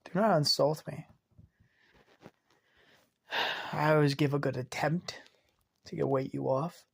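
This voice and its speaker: A man voicing a calm, weary male villain inventor with a low-key, sighing delivery. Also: takes it slowly, vocal fry, husky, full character voice.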